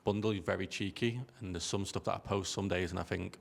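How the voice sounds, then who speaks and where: A man's voice: low-pitched, a little fast, gravelly, a crowd in the background. A man on a business panel, talking in a joking, self-deprecating way. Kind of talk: casual panel discussion.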